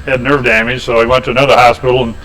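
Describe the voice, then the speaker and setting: A man's voice: medium pitch, little pitch movement, rapid-fire, fairly bright tone, rough recording. A man in a woodshop, demonstrating woodturning and telling rambling, folksy anecdotes with chuckles. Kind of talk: casual storytelling during a lathe demo. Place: woodshop, indoors.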